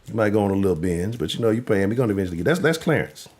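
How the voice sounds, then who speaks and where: A man's voice: on the low side, expressive, very fast, darkish tone. A man hosting a live sports talk show, brash, joking and profane.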